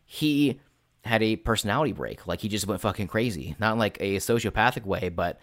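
A man with a fairly low voice, chatting casually as a podcast guest about the games he runs. He tells rambling stories packed with fillers and the odd swear word. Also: brisk, fairly bright tone, dry recording, clean studio sound. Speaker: game master and podcast guest. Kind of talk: casual interview chat.

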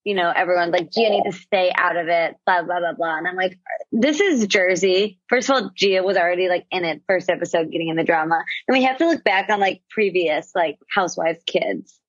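Woman, lowish voice, casual chat, opinionated, muffled dry audio. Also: fairly quick, few pauses, no room sound. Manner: opinionated, animated quoting. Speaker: podcast co-host. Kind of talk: casual reality-TV recap chat.

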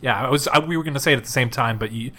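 A man co-hosting a comedy podcast, riffing in improvised banter, playful and quick to laugh. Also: medium pitch, bright, forceful tone. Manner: playful, quick to laugh, goes along with absurd bits. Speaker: podcast co-host.

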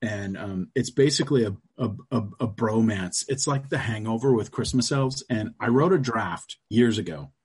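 A man's voice: on the low side, moderate pace, few pauses, a little mellow, husky. A middle-aged man, a guest on a podcast, chatting casually in a loose, crude storytelling way. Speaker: guest, comic book creator.

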